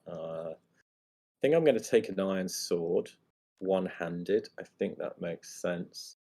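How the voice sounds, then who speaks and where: A man's voice: low voice, slow, warm tone. A man demonstrating a tabletop board game, thinking aloud as he picks his gear and explains the rules to the other players.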